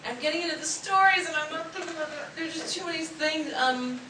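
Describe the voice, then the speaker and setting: A woman in a panel talk, telling lively stories with many restarts, recorded from far off in an echoey convention hall. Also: sits high, fast talker, noisy background. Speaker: actress on a panel. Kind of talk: panel anecdotes.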